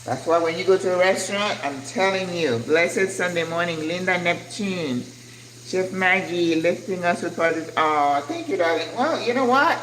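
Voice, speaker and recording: A woman's voice: fairly low pitch, moderate pace, fairly bright tone. An older woman hosting a casual cooking livestream, chatting animatedly and answering viewer comments as she cooks. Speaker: cooking channel host. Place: home kitchen. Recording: echoey kitchen with frying noise.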